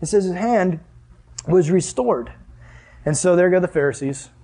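Animated high-voiced male preacher. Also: moderate pace, slightly rough. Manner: animated, acts out voices of Jesus and Pharisees; casual, conversational with the audience. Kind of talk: sermon.

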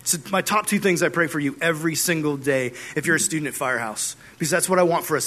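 A young man preaching a casual youth group sermon, animated and acting out conversations with God as he retells a Bible story. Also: high voice, breathy edge. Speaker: youth pastor.

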